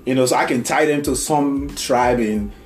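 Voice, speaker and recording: A man from Nigeria with a Nigerian accent, telling stories in a rambling, animated casual chat and laughing often. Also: medium pitch, normal speed. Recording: echoey room, faint music.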